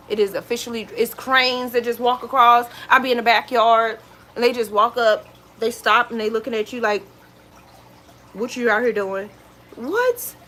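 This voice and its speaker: A woman chats at home, telling her stories in a lively, exclaiming vlog style. Her voice sits a little high. A faint hiss runs under the recording. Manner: animated, exclaiming, dramatic retelling. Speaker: lifestyle vlogger. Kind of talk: casual storytelling chat.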